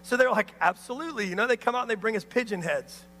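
A man preaching a sermon, an animated storyteller who acts out voices and calls out to the crowd. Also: high voice, fast talker, long reverb tail, a little hiss or hum. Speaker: pastor.

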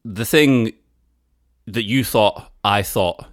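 A man co-hosting a podcast, running a lyrics quiz in a playful, casual way and reading lines out deadpan. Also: lowish voice, slow, dry recording, studio quality. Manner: playful, reads lyrics aloud in a flat deadpan way. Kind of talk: casual chat.

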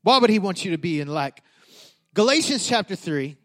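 Pastor, male, middle-aged, light high voice, chatty sermon delivery that swells into emphatic lines. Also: big pitch swings, normal speed. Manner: conversational preaching with rising emphatic peaks.

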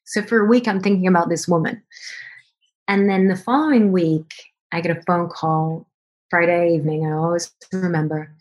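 Animated woman telling a personal story. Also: fairly low pitch, moderate pace. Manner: animated, acts out both sides of dialogue in quoted voices. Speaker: podcast guest.

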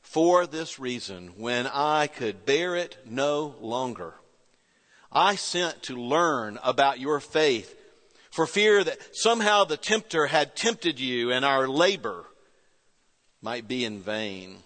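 A middle-aged man preaching a sermon, telling a story with pauses and soft quoted voices. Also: mid-range voice, animated. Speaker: pastor. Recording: reverberant church hall.

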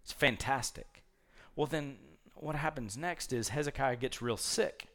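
A man's voice: mid-range voice, measured pace, a bit bright. A male preacher giving a conversational sermon, retelling scripture as a story with folksy asides.

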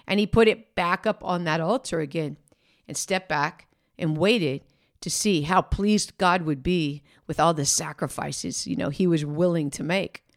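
A woman's voice: lowish voice, measured pace. A woman hosting a devotional podcast, telling a story in a conversational way with fillers and restarts, and acting out the people she quotes.

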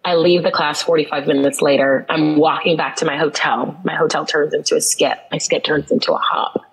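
A woman's voice: low voice, fairly even intonation, brisk, low-quality recording. A woman guest in a podcast interview, telling a personal story with earnest, emphatic repetition. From United States.

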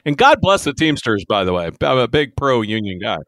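A man co-hosting a podcast, trading sarcastic jokes and quick agreements in casual chat. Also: mid-range voice, sing-song, a bit bright, no room sound, studio quality. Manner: sarcastic, joking banter. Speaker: podcast co-host.

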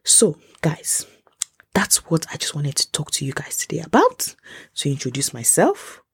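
Husky Nigerian woman, podcast host. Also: sits low, moderate pace, dry recording, studio quality. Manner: animated, often dropping to a whisper. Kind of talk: casual solo podcast talk. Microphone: close podcast mic.

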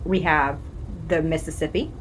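Lady from illinois cohosting a podcast, teasing and chatty, a bit low-pitched. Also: steady tone, moderate pace, slight background noise, low-quality recording. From Alton, Illinois. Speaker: podcast co-host. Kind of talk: casual chat.

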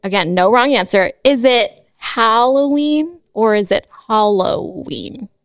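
A woman's voice: medium pitch, normal speed, no echo, clean studio sound. A woman podcast host from Los Angeles, chatting casually with a guest and laughing often. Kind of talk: casual interview chat.

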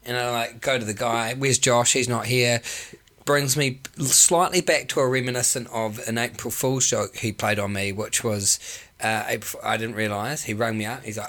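A young man, hosting a podcast and telling rambling, animated stories full of swearing. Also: medium pitch, normal speed. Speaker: podcast host. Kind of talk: casual chat.

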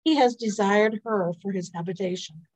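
A woman reading psalms and a scripture lesson aloud in a morning prayer service, in a measured, even way. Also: mid-range voice, low-quality recording. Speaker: scripture reader. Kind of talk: liturgical responsive reading.

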